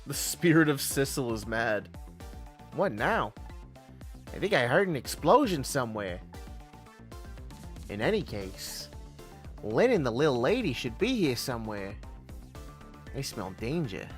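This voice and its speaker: A man gives easygoing live-stream commentary, drawling along at a slow pace. His pitch swings widely as he rambles and trips over his own sentences, with faint music underneath. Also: very animated. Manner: rambling, self-interrupting, laughs often. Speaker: streamer, game player.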